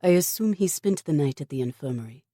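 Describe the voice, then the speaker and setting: A woman's voice: deep voice, expressive, brisk, mellow, dry recording, studio quality. A woman reading as a wry army lieutenant man.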